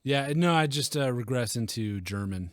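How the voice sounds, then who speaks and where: A man's voice: mid-range voice, animated, normal speed, dry recording, studio quality. A man co-hosting a gaming podcast in casual chat, who laughs often and lets his sentences trail off. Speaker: podcast co-host.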